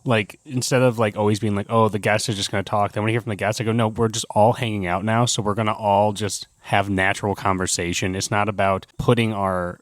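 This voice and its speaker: A man's voice: on the low side, level tone, brisk, hardly any pauses, no echo. A man from Wisconsin co-hosting a casual podcast, chatty and full of fillers. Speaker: podcast co-host.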